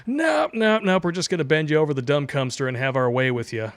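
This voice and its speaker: A man's voice: mid-range voice, fast talker, smooth, no echo. A man co-hosting a casual livestream talk show, reading viewer donations with a sarcastic, mocking edge and frequent laughter. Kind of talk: casual chat.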